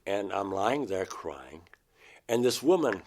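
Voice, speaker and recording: A man from Georgia in the United States speaks as an interview guest. His voice sits on the low side. He retells a personal experience vividly and emotionally, acting out his own words. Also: big pitch swings, slow pace, darkish tone. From Georgia, USA.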